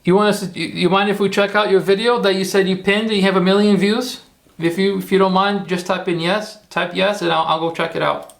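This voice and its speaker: A man's voice: high voice, level tone, brisk, creaky. A man hosting a casual tutorial livestream, rambling, repeating himself and talking to his chat. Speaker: livestream host.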